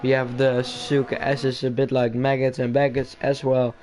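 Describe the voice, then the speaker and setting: A man's voice: medium pitch, monotone, normal speed, a little mellow, a little hiss or hum. Man commentating a sim race, rambling. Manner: rambling, hesitant, many fillers. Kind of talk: casual live-stream commentary.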